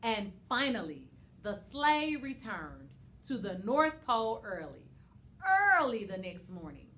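A woman teacher reading a holiday storybook aloud to young children, expressive and animated. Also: medium pitch, a little slow.

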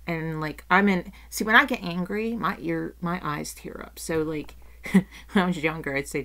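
Speaking at a moderate pace in a lowish voice, this middle-aged woman vlogs a story in the form of a casual rant. She's animated, swears casually, and acts out people's quotes.

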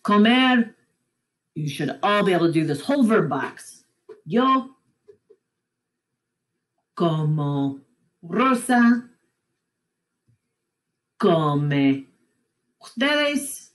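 A woman records a lesson at her computer from home, pausing between each verb. Her pitch rises and falls a lot, sitting slightly low. She drills each form slowly and deliberately. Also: very animated. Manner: slow, deliberate, drills conjugations one by one. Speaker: high school Spanish teacher. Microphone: computer mic while screen recording.

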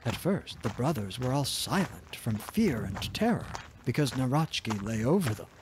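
A man narrating a fairy tale in a soft, gentle, expressive reading voice. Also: medium pitch, moderate pace, background noise. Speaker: storyteller.

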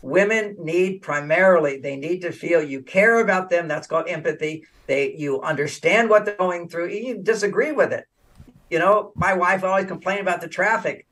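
Older guy on an interview, highish voice, animated storyteller, mic a little far away. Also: normal speed. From United States. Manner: animated, acts out quoted dialogue, laughs often. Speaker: relationship author, interview guest. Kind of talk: casual interview talk with storytelling.

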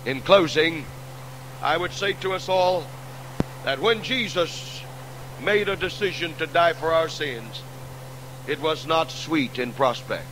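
Man, pastor, high voice, sermon, repeated refrains, soft lows and loud climaxes, faint hum. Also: slow, long pauses. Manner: preaching with building refrains, dropping low and swelling loud.

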